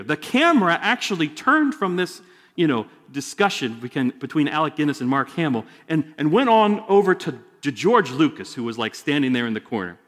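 Pastor guy preaching, super lively ups and downs, jokey chatty asides, big echoey church. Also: on the high side. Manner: conversational, joking asides. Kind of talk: sermon. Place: church sanctuary. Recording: long hall reverb.

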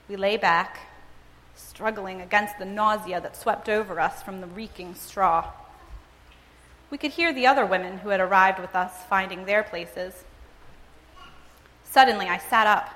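A woman reading a first-person story aloud in a measured, dramatic storytelling manner. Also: mid-range voice, a bit bright. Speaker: reader and speaker. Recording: long reverb, as in a large hall.

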